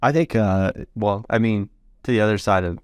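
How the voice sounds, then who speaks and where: A man's voice: lowish voice, moderate pace, a little mellow, clean tone, no room sound, studio quality. An American man hosting a podcast interview, chatting in an easygoing, joking way with lots of fillers. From United States. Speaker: podcast host. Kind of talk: casual interview chat.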